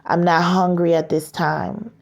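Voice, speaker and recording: A woman's voice: on the low side, a little slow, creaky. Woman voicing a withdrawn ill mother. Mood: flat. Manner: flat, terse.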